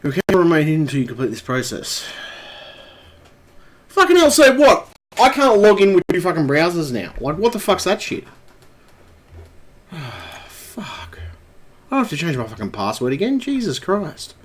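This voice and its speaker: A man's voice: fairly high pitch, big pitch swings, moderate pace, breathy edge. A man live streaming at his computer, ranting angrily and swearing constantly. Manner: angry, profane ranting.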